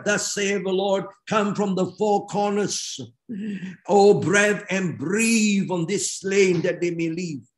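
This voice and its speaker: Older man preaching. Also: sits high. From Malaysia. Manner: emphatic, slow dramatic phrasing. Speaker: pastor. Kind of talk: sermon with scripture reading. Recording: echoey church hall.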